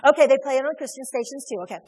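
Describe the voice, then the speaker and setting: A woman preaching a sermon in a church, animated and conversational, joking with her congregation. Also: sits high. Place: church sanctuary. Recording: long hall reverb.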